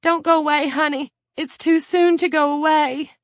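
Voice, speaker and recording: A woman's voice: high voice, steady tone, moderate pace, dry recording, studio quality, voice pushed up, natural voice. Woman voicing a desperate, tearful woman inmate. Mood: frantic. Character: frightened middle-aged woman inmate, pleading.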